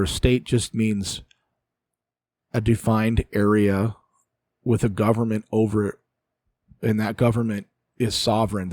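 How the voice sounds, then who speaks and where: A man's voice: lowish voice, a little mellow, dry recording. A man hosting solo political commentary, ranting in an exasperated way and sighing often.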